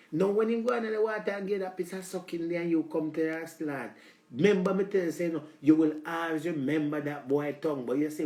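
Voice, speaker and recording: Speaking in a high-pitched, darkish voice in a reverberant space, a Jamaican-accented man runs a live stream. His rambling, comic sermon targets the women watching; he keeps calling out to the ladies and saying "let me tell you."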